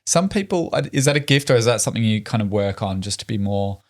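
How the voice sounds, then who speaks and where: Man, podcast host, attentive interviewer, low voice. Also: lively intonation, fast. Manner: attentive, warm listener with frequent affirmations. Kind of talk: interview conversation.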